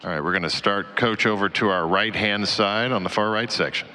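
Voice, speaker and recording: Deep-voiced press conference moderator. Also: male voice, bright, forceful tone. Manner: brisk and procedural.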